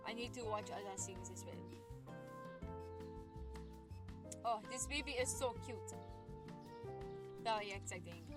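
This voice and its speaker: A young woman streaming a game, chatting casually and cheerfully with her viewers while she plays. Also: on the high side. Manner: chatty, bubbly, talks to chat while playing. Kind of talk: casual livestream chat. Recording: game music clearly behind the voice. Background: game music.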